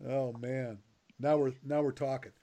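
A man's voice: mid-range voice, steady tone, unhurried, mellow. An older man hosting a podcast in a casual, teasing chat with his guest. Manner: joking, teasing. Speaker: podcast host.

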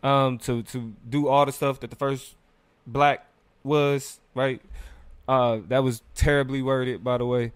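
A man co-hosts a casual live discussion, rambling with fillers and quick laughs. His voice is smooth and clear, and the sound is dry and close with no room around it. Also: mid-range voice, no room sound. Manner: loose and animated, frequent fillers, laughs while talking. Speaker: podcast co-host.

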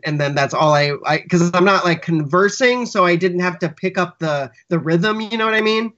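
Speaking a little fast in a high, fairly bright voice, a writer-actor guesting on a podcast drifts through anecdotes. He keeps restarting and using fillers, captured on dull, lo-fi sound.

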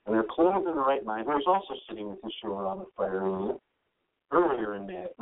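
A man's voice: sits high, huge pitch swings, a little fast, vocal fry, narrow, tinny audio. A man preaching a sermon, reading scripture, acting out its quoted lines and talking to listeners in a conversational, joking way. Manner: conversational, with jokes and asked questions. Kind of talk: sermon, Bible teaching.

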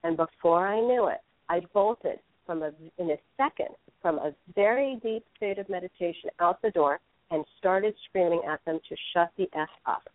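A woman with a somewhat low voice tells a story earnestly as a guest in a radio conversation. The sound is narrow and phone-like, with no room echo at all. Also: normal speed. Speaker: spiritual teacher, guest. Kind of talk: casual radio interview talk.

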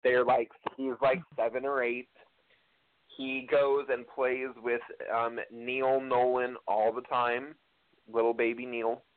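A man co-hosting a casual TV review podcast, chatting loosely and thinking out loud. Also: mid-range voice, flat delivery, takes it slowly. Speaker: podcast co-host. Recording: tinny phone-like audio.

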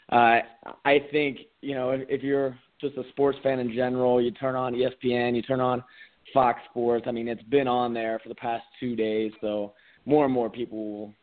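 A man, a guest analyst on a casual podcast, talking conversationally with plenty of fillers. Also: medium pitch. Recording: phone-like narrow sound.

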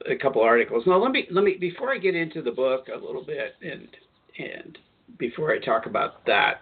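Over a tinny phone-line sound, a man with a husky, mid-range voice hosts a spiritual call-in radio show. His casual monologue is rambling and chatty, and he often corrects himself mid-sentence.

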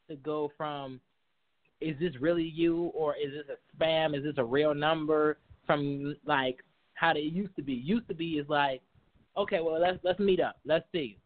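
A man's voice: on the high side, steady tone, unhurried. A man hosting a casual talk show, asking questions and rambling while he searches for words. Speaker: host. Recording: phone-like narrow sound.

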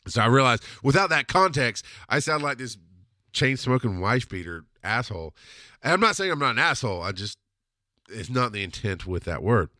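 A man hosts his own show and tells a personal story with blunt, heated, profane emphasis. His pitch swings widely and his tone is bright and forceful. The sound is dry and close, with no room around it. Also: very animated, a little fast, no echo. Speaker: podcast host. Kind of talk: casual storytelling monologue.

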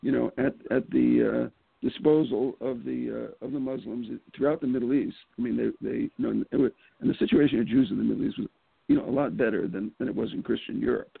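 Raspy gravelly guy on a tinny phone call, chatty interview guest, lots of restarts. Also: medium pitch, fast talker, no room sound. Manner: animated storyteller, many restarts and laughs. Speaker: political candidate guest. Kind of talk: casual interview talk.

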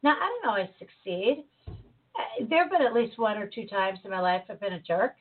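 A woman from Chicago talking in an animated, casual way and quick to jump in. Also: medium pitch. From Chicago, USA. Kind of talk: casual conversation. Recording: tinny phone-like line.

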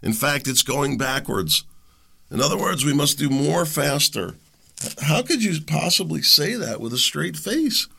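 Male talk show host, gravelly and lively in pitch, opinionated and sarcastic rambler. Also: unhurried.

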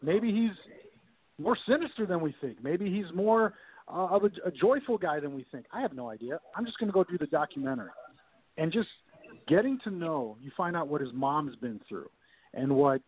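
A man's voice: on the high side, normal speed. A man, a sports documentary producer, telling stories on a talk show and acting out quoted dialogue. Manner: animated, acts out quoted dialogue. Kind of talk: casual storytelling interview. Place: phone call-in to a talk show. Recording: tinny phone line.

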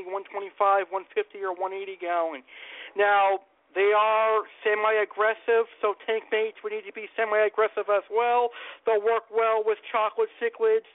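A man with a high voice hosts a call-in show on his own, enthusiastic and plain-spoken, and he repeats himself a lot. The sound is thin and phone-like, and there is no room echo at all. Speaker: host of a call-in fish-keeping show. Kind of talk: solo radio-style monologue. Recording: tinny phone-line sound.

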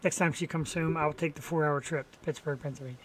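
A man's voice: on the high side, fairly even intonation, fast, a crowd in the background. A man with a Philadelphia accent co-hosting a casual talk show, playful and jokey, hyping up his guest. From Philadelphia area, USA. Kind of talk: casual podcast chat.

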